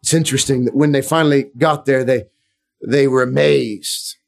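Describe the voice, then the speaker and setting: A middle-aged man preaching a sermon with fervour, dropping to a hush and then rising loud. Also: medium pitch, fairly even intonation, normal speed, creaky. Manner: fervent, swings from hushed to loud.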